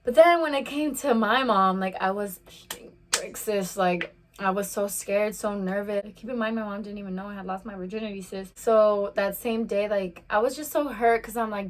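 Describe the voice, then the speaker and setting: A woman's voice: medium pitch, moderate pace. Chatty young woman vlogger. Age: 20s. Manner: chatty, lots of "like" fillers. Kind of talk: casual storytime while eating.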